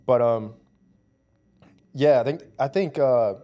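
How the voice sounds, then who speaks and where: A man's voice: medium pitch, takes it slowly. Chatty young man telling a story. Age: 20s. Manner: animated storyteller, fillers like "like" and "dude". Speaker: powerlifter guest. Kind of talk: casual conversation.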